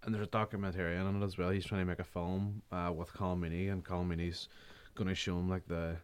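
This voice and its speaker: A man's voice: low-pitched, flat delivery, fast, clean tone. A man chatting casually about films, swearing often, rambling and laughing a lot. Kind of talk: casual film chat.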